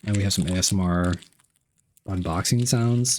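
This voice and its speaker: A man's voice: sits low, normal speed, darkish tone, a little hiss or hum. A young man streaming live, reading chat messages aloud and unboxing gifts, playful and repeating himself.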